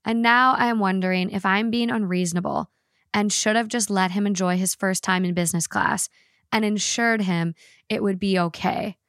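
A woman's voice: medium pitch, fairly even intonation, moderate pace, a bit bright, dry recording, clean studio sound. A woman co-hosting a podcast, reading a listener's story aloud with expression and then chatting casually about it.

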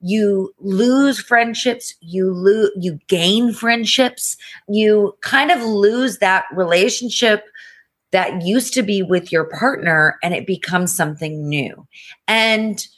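A woman speaks frankly as a podcast guest, taking it slowly in a mid-range, fairly bright voice. She is emphatic and conversational in her candid storytelling, often saying "you know" and "like".

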